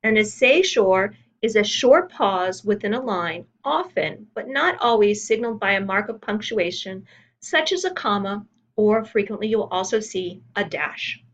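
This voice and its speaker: A woman teacher giving a recorded lecture, reading from her notes in a measured, explanatory way with occasional fillers and self-corrections. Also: medium pitch, animated, muffled recording.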